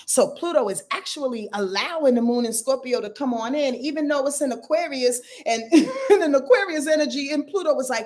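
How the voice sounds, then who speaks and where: A woman's voice: sits high, lively intonation, brisk, few pauses, darkish tone. A woman astrologer giving a casual weekly talk in a blunt, emphatic manner, with profanity.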